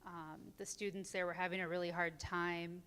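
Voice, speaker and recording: Woman guest speaker, clear resonant voice, unsure and halting, in a long-reverb hall. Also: lowish voice, flat delivery, a bit bright. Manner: hesitant, many ums, nervous laughs. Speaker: community group organizer, guest. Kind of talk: casual on-stage interview. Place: church sanctuary.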